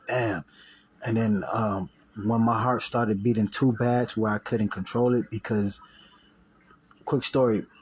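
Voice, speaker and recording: A man with a lowish voice casually tells viewers a personal story over a rough recording with slight background noise. He's slangy and profane, repeats and restarts himself, and loudly performs the voices he quotes.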